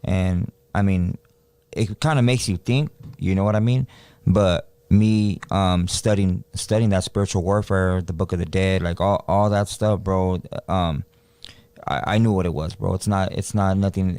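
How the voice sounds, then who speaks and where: A laid-back man on a podcast talks in a slangy, casual way, dropping "bro" into his sentences. His voice is very deep, dark and flat in melody. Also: normal speed, clean tone, dry recording. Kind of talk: casual chat.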